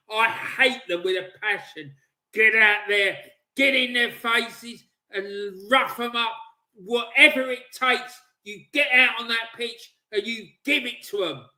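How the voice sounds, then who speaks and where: A man giving a fiery, sweary pre-match team talk as a football fan streamer, ranting and shouting orders. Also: high voice, echoey room, poor audio.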